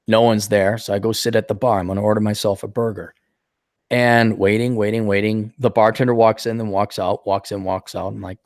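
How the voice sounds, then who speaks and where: A man hosting a casual podcast chat, ranting with lots of swearing and animated storytelling. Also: fairly low pitch, no echo, clean studio sound. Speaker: podcast host.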